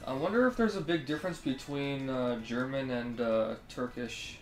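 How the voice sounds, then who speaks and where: A man's voice: medium pitch, normal speed. Chatty Canadian man in a roomy room. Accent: Canadian English. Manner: chatty, answers chat readers in a friendly easygoing way. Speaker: streamer. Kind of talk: casual live-stream chat. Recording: roomy sound with faint music.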